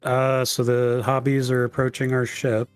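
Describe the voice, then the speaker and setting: A man playing in a tabletop game, joking and bantering quickly with the game master. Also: medium pitch, monotone, smooth. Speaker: player. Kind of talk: casual game chat.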